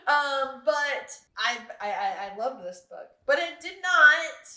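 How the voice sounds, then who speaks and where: Bright, chatty young woman book vlogger. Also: sits high, animated, slow, roomy sound, poor audio. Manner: chatty, rambling, with frequent laughs and filler words. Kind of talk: casual chat to camera.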